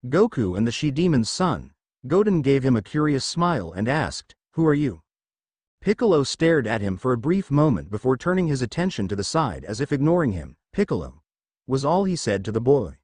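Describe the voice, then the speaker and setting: A man narrating a fan story in an animated reading style. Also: mid-range voice, no echo.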